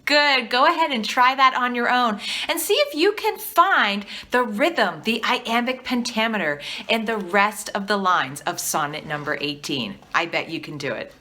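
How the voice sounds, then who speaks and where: A woman's voice: a little high, animated, normal speed, hardly any pauses, sharp tone. A woman teaching artist giving an educational video lesson, encouraging and asking the viewer questions, leading them to repeat after her. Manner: encouraging, asks the viewer questions and leads call-and-response.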